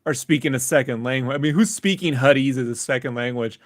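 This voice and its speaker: A man's voice: mid-range voice, fast talker, dry recording, studio quality. A man co-hosting a casual chat podcast, jokey and rambling, laughing often. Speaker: podcast co-host.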